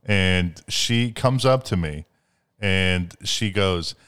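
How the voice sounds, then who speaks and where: A man's voice: deep voice, slow pace, a bit bright, smooth. A man hosting a podcast, telling crude stories in a rambling, profane way with lots of fillers. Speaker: podcast host. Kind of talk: crude casual chat.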